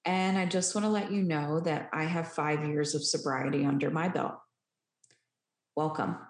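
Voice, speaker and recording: A woman's voice: low-pitched, steady tone, normal speed, close to an everyday voice. A woman retelling a friendly male gym instructor's earnest welcome. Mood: welcoming. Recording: roomy echo.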